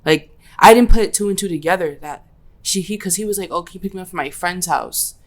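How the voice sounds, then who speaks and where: Low-pitched young woman host, slangy and animated, acts out what she said in the story. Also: a little fast. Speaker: podcast host. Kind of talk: casual storytelling chat.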